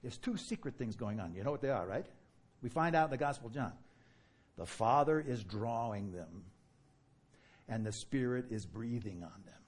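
A man with a New York accent preaching a sermon in an animated, fast-talking way, laughing often and playing out dialogues. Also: mid-range voice.

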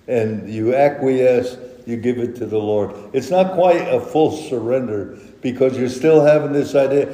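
A man's voice: mid-range voice, dark tone. A man preaching a sermon earnestly, rising into pleading when he voices prayers. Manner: slow, earnest, rises to pleading cries when quoting prayers. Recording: echoey hall reverb.

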